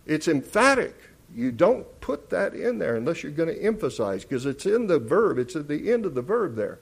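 A man's voice: fairly high pitch, sing-song, moderate pace, creaky, slightly rough. A man preaching a sermon, emphatic and teacherly, asking questions and answering them. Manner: emphatic, rising loud on key words.

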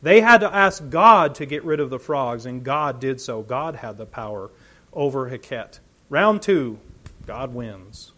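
A man preaching a sermon, animated and full of rhetorical questions, swinging between loud emphasis and quiet asides. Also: mid-range voice, a little slow.

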